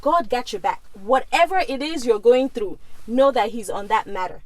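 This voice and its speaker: A woman's voice: a little high, expressive, moderate pace, darkish tone, low-quality recording. A woman in her thirties from Nigeria, who also speaks Igbo, talks to her viewers in a chatty vlog and keeps checking in with "okay?". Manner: chatty, often asks okay?. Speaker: vlogger. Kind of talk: casual talk to camera.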